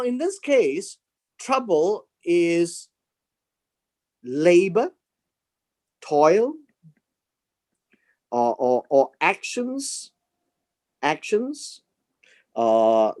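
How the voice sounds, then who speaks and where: Slow, halting man teaching a Bible class. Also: high voice, very animated, a little mellow. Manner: slow, halting teaching with many repeated words and fillers; reads out verses and explains Hebrew words one by one. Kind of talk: Bible study lecture.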